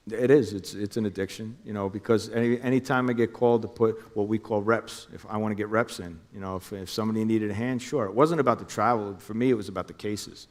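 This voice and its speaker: A man's voice: fairly low pitch, steady tone, fast, hardly any pauses, a little mellow, long reverb tail. A middle-aged man from New Jersey, a former undercover officer, telling his story in an interview and acting out phone calls in quoted voices.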